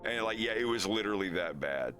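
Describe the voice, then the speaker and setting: A man's voice: on the low side, fast talker, background noise. A man streamer telling a story in casual, rambling live-stream chat. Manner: rambling, laughing, animated.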